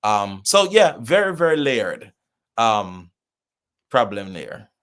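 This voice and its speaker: A middle-aged man from Jamaica with a Jamaican accent, a podcast guest speaking with animated, opinionated conviction in casual conversation. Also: lowish voice, slow, smooth.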